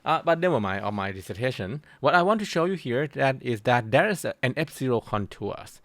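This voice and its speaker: A middle-aged man giving a university lecture, halting with many restarts and fillers. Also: medium pitch, expressive, a bit bright, no room sound.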